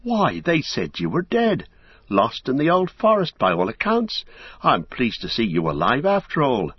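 A man voicing an old, flustered male hobbit gatekeeper in an audiobook, high and fussy. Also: huge pitch swings, moderate pace, slightly rough, no room sound, muffled recording.

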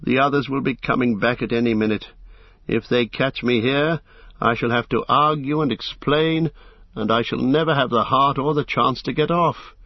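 A man reading aloud and voicing a gentle but resolute young male hobbit, kindly yet firm and measured. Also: mid-range voice, no room sound, close to an everyday voice. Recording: dull lo-fi dry recording.

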